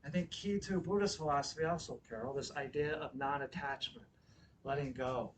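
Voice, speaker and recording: A man about fifty telling a personal story in a sermon, animated, swinging between loud exclamations and quiet asides. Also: mid-range voice, moderate pace, distant mic, slight background noise, poor audio. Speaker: guest speaker at a spiritual center. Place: church hall.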